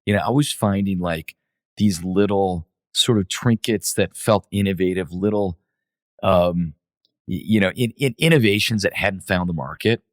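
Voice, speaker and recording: A man with a very low voice speaks in an unhurried, reflective way, stopping and restarting as he recalls things. The sound is close and dry, with no room around it. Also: dry recording. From United States. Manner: many fillers and restarts, reflective. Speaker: guest, company CEO. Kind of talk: relaxed interview storytelling.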